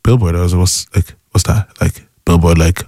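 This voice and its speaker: A man's voice: low voice, moderate pace. A young man, a musician guest, chatting in an interview and eagerly acting out his own reactions as he tells stories. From Ireland. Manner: excitable storyteller, acts out his own reactions. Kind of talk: casual interview chat.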